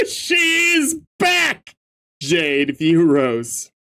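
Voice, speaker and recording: Man, fairly high voice, slow unhurried delivery, reading a comic aloud, stammering reactions. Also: fairly bright tone. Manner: stammers and laughs often, reacts with sudden outbursts. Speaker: webcomic reader and reactor.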